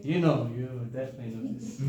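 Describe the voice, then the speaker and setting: A man from Australia with an Australian accent softened toward American, giving an informal, joking sermon to a temple audience and laughing often. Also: medium pitch. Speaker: temple speaker giving a scripture class. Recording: very echoey hall, faint background hum.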